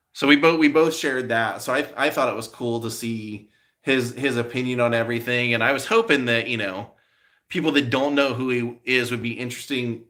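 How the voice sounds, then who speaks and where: A man's voice: mid-range voice, a bit bright. A man hosting a casual live stream, rambling along with lots of fillers as he answers viewers' comments.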